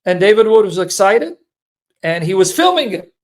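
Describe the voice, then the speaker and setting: A man with a high-pitched voice gives a heartfelt testimony, his emotions showing as he speaks. He talks earnestly and keeps repeating his points. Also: very animated, normal speed. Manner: earnest, repetitive, pleading. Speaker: apologetics speaker.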